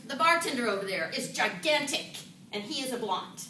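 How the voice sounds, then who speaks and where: A woman's voice: fairly high pitch, moderate pace. A woman giving a humorous club speech, telling funny stories with lots of laughter. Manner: animated storytelling with frequent laughter. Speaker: Toastmasters speaker. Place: meeting room with live audience. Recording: echoey room from far off, audible room noise.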